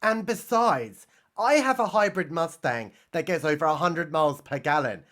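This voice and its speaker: Earnest, nerdy young boyfriend, stiff and sincere, high lively voice , as a male reviewer mimics him. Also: moderate pace.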